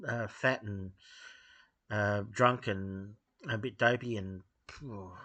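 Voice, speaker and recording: A man talking off the cuff in a blunt, dismissive way, pausing often with fillers as he gives his opinions to camera. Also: lowish voice, pushed and bright. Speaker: video host giving opinions. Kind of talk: unscripted opinion monologue.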